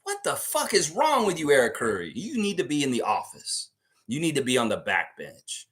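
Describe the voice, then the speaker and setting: A man's voice: on the high side, wildly swooping pitch, moderate pace, a bit bright. A man hosting a livestream sports show, ranting heatedly and profanely at a coach with pointed rhetorical questions. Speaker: sports channel host. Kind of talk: livestream sports commentary rant.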